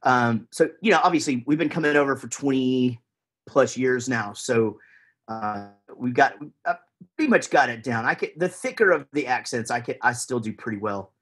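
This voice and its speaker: A man's voice: mid-range voice, lively intonation, moderate pace, fairly bright tone, slightly rough. A man with a Texan accent, chatting casually as a podcast guest, rambling with lots of fillers and restarts. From Texas, USA.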